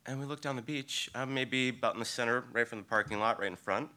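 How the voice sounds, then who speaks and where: A man, a local surfer, telling a personal story live on stage, in a vivid, halting way that swings between excited bursts and hushed passages. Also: mid-range voice, slight background noise. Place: live storytelling event before an audience.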